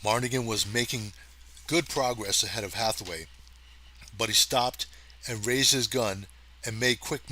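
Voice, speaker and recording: A man reading a science fiction story aloud as narrator, steady and even. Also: medium pitch. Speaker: audiobook reader. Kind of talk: scripted narration.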